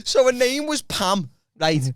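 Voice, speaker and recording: Man, high voice, rowdy comedy storyteller. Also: big pitch swings, unhurried, fairly bright tone, smooth, no echo, studio quality. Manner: rowdy, swearing, laughs hard at own stories. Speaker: comedian podcast co-host. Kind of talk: casual storytelling chat.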